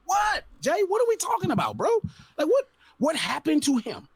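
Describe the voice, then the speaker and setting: A man's voice: very high voice, huge pitch swings, brisk, creaky, no room sound. A man on a podcast, ranting with profanity and exasperation. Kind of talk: heated podcast rant.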